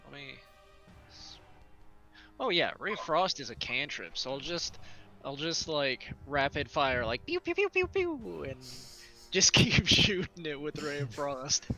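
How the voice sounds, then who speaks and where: A man's voice: on the high side, bright, forceful tone. A man playing a tabletop game, chatting playfully at the table. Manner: playful, slow-talking. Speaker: player. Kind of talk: casual chat at a game table. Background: music in the background.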